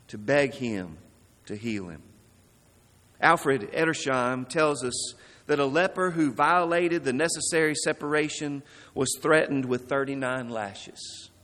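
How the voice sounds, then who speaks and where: A man preaching a sermon in an earnest, emphatic way, letting his voice sink low at key words. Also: fairly bright tone. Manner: earnest, emphatic, dramatic drops in volume. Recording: long reverb of a large hall.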